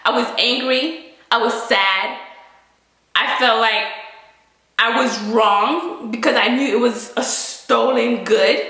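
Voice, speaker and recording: A woman telling a personal story in a storytime vlog, expressive and laughing through her lines as she acts out her own panic. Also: on the high side. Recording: echoey room.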